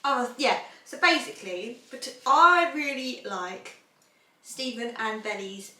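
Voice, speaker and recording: A chatty young woman hosting a podcast, rambling along. Her voice is bright and fairly high. She sits back from the mic in a roomy, echoey room. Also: measured pace, recorded from a distance. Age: 20s. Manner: chatty, rambling, laughs often. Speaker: podcast host. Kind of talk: casual chat.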